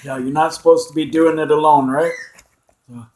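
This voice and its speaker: A woman's voice: low-pitched, steady tone, moderate pace, darkish tone, echoey room, low-quality recording. A woman in her fifties chatting casually on her own, rambling and cooing baby talk to her pet birds, recorded on a cell phone at home. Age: 50s. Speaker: vlogger. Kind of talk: casual solo chat.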